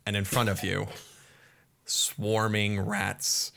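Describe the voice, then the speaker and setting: A man running a tabletop game as game master, narrating scenes at an unhurried pace with casual fillers. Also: fairly low pitch, monotone, creaky, pushed and bright.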